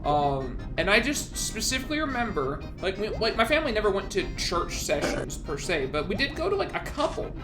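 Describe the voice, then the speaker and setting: A young woman streams and chats with her friends in a loose, rambling way. She swears freely, laughs often and stumbles over restarts. Faint music plays behind her mid-pitched voice. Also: very animated, brisk, hardly any pauses. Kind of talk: casual chat with friends.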